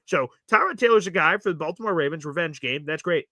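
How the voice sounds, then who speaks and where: This is a male sports talk host reacting live, blunt and opinionated. His voice sits a little high and swings up and down with energy. It sounds bright and punchy, recorded close in a dry space. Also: brisk, no echo. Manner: animated, blunt, opinionated, swings between excited and mutter.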